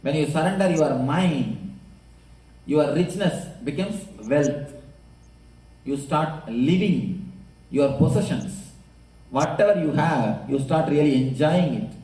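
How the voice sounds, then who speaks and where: A male spiritual teacher preaching in an emphatic, measured way, repeating key points. His voice is somewhat high yet mellow. It echoes around the room, picked up from some distance. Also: lively intonation. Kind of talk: sermon with storytelling.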